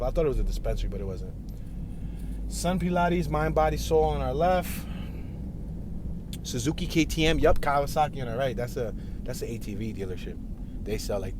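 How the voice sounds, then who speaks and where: A man's voice: mid-range voice, noisy background. A man giving a casual running commentary on a driving tour, chatty and playful, joking and repeating words as he goes. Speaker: vlogger narrating a driving tour. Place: inside a moving car.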